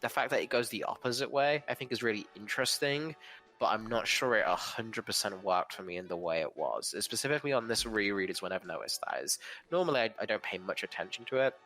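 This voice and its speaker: Low-voiced man with a bright edge. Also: lively intonation, fast, soft background music. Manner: thoughtful, hedging, restarts mid-sentence. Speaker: podcast co-host. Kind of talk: casual comic book discussion.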